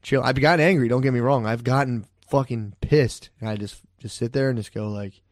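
A man's voice: medium pitch, a little fast, a little mellow, no room sound. Man, casual storyteller, laid-back, profane, dry close sound. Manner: laid-back, profane, laughs through stories.

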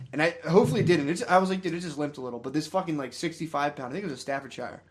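A man's voice: on the high side, rapid-fire, breathy edge. A young man on a podcast, telling stories in casual chat, swearing a lot and laughing often. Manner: profane, laughing storyteller. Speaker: podcast host.

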